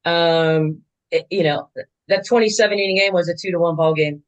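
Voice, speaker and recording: A woman's voice: lowish voice, moderate pace, muffled recording. Chatty older woman umpire telling stories. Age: 60s. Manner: chatty, animated storytelling with many fillers. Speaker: softball umpire guest. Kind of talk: casual interview storytelling.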